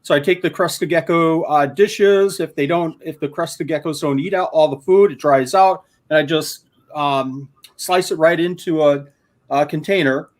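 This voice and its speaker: Rambling man telling a story, higher voice. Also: moderate pace. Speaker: guest isopod keeper. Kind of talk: casual livestream chat. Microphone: handheld camera.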